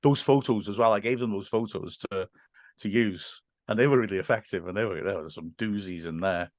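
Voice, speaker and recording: A man with a Welsh accent, a guest on a podcast, chatting casually and telling animated stories with frequent restarts. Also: on the low side, fairly quick, no echo, studio quality. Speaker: podcast guest, football commentator. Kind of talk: casual chat.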